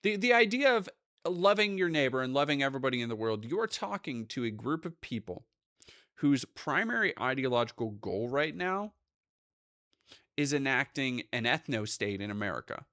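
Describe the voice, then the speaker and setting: A man's voice: medium pitch, normal speed, no room sound, studio quality. A young man streaming live, talking casually with lots of swearing and rambling asides. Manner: profane, animated, rambling.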